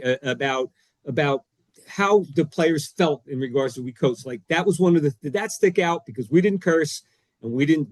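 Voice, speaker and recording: Excitable, emphatic podcast co-host man. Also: a little high, no room sound. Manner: emphatic and excitable, self-deprecating. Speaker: co-host, former defensive coordinator. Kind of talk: animated storytelling; casual podcast chat.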